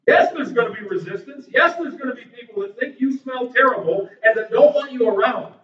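A man with a high voice delivers an animated sermon and acts out people's reactions. He is recorded from a distance in an echoey church sanctuary, and the sound is dull. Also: brisk. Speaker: pastor.

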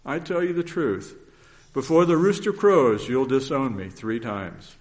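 A calm male teacher, voiced by a preacher, speaks in a measured, solemn way. He corrects gently, without hurry. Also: mid-range voice, close to an everyday voice.

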